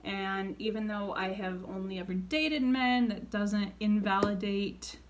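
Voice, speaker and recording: A woman in her late twenties telling a personal story in a vlog, earnest and excited, raising her voice when quoting others. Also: mid-range voice, a little slow. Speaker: vlogger.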